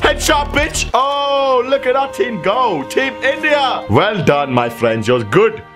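A young man commentating his gameplay, excitable, often yelling, laughing and swearing. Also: very high voice, takes it slowly. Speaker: gaming commentator. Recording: game music behind the voice. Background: game music.

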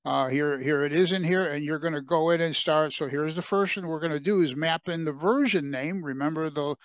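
A man walks through a software demo over a webcast, often stopping to restart his phrases and fill gaps with small hesitations. His voice is smooth and clear, sits a little high for a man, and the recording is close and dry with no room around it. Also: no room sound, lo-fi sound. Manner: halting, many fillers and restarts. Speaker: software presenter. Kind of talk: webcast screen-share demo.

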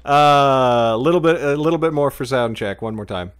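A man's voice: mid-range voice, moderate pace, clean tone, no room sound. A man hosting a casual podcast chat, rambling and joking with lots of fillers. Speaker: podcast host.

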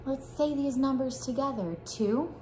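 Woman, preschool teacher, slow careful delivery, fairly high voice, call-and-response, faint background noise. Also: a little mellow. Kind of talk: children's morning lesson.

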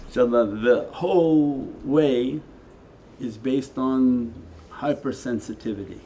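A man teaching as a Sufi teacher in a spiritual lecture, talking conversationally and moving between quiet asides and emphatic lines. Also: medium pitch, takes it slowly, a little hiss or hum. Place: meditation center hall.

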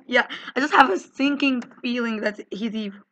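Bright, giggly young woman gaming. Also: on the high side, expressive, a little slow, slight background noise. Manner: giggly, jokey, talks to viewers. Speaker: gaming channel host. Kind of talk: casual let's-play chat.

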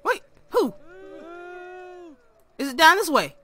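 A woman's voice: very high-pitched, big pitch swings, slow, pushed and bright, no echo. A young woman hosting a game let's play from her room, chatting to viewers and to the characters on screen. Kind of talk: casual game commentary.

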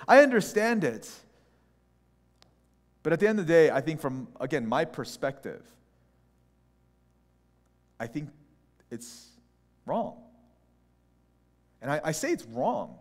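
A man preaching a conversational sermon as a pastor, telling stories in an animated, opinionated way. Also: on the high side, slow, long pauses. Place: church sanctuary. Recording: long church hall reverb.

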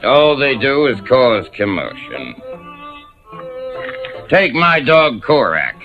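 A man playing a deadpan, dry middle-aged woman telling one-liners, from a lo-fi 1980s TV broadcast. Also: medium pitch, takes it slowly, over music.

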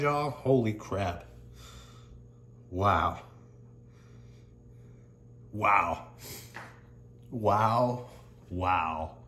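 Male vlogger, lower voice, overwhelmed and tearful, excitable exclaiming, echoey room, audible noise behind. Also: unhurried, pauses often. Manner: exclaiming, emotional, rambling, addressing viewers as y'all. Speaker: scratch-off ticket vlogger. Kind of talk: excited casual commentary.

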